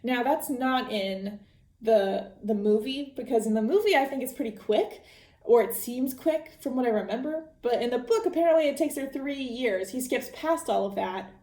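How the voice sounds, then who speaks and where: A woman's voice: a little high, normal speed, warm tone. Woman, podcast host, casual book recap, chatty, frequent restarts, echoey room.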